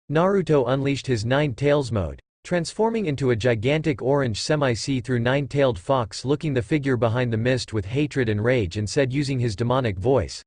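A man's voice: mid-range voice, normal speed, hardly any pauses, darkish tone, no room sound. Man reading a story, dry sound. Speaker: narrator. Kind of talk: reading fan fiction aloud.

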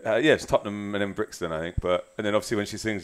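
Man, very low voice, chatty podcast guest who rambles through anecdotes in a home setting. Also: steady tone, very fast. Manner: chatty, tells long anecdotes. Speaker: guest musician. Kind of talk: casual podcast chat. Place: front room of a house.

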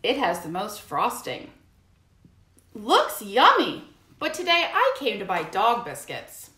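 A woman's voice: medium pitch, wildly swooping pitch, slow pace, sharp tone, heavily acted. A woman voicing an eager little male hamster in a children's storybook read-aloud, in an echoey room. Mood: excited. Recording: echoey room, faint hiss.

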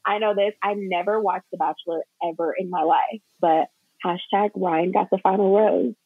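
A young woman chatting as a podcast guest, talking freely with lots of fillers and quick laughs. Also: fairly low pitch, fairly even intonation, husky, no echo. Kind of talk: casual chat. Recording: tinny phone-like line.

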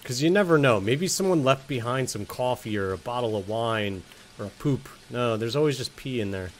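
A man's voice: medium pitch, animated, normal speed, slight background noise. A young man commentating on a video game, joking, swearing and talking to the characters on screen. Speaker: gaming streamer.

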